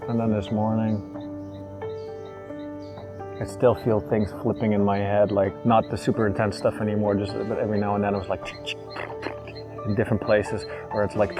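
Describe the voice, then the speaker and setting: A young man telling an emotional personal story, halting and repeating words as he chokes up with tears. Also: on the low side, flat delivery, music in the background, rough recording. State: tearful. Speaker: vlogger.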